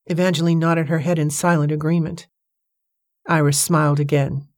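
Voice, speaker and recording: A woman narrating an audiobook novel in a measured, even storytelling manner. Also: low-pitched, no echo, studio quality. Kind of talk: scripted narration.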